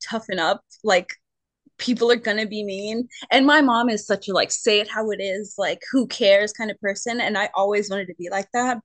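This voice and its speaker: A woman's voice: medium pitch, fairly bright tone, no room sound. A young adult woman, a guest on a podcast, candidly telling a personal story in a chatty way, with lots of "like". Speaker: guest, musician and advocate.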